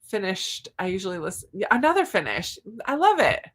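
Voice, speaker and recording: A woman's voice: mid-range voice, sing-song, brisk, breathy edge. A woman with a Southern US accent hosting a casual livestream, chatty and giggly, with frequent exclamations as she reads out viewer comments. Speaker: livestream host.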